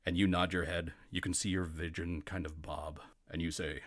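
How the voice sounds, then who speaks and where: Low-voiced man, game master narrating a tabletop game, vivid second-person description. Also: unhurried, a bit bright.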